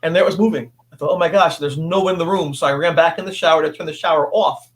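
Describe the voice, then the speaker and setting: On an interview show, a high-pitched guest who sounds to be in his fifties earnestly and intensely recounts a personal story. He halts, stumbles, and restarts many times.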